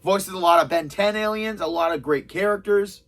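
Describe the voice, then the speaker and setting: A man's voice: high voice, normal speed, fairly bright tone. A man telling a convention story in a casual, rambling way, with many restarts and quoted back-and-forth.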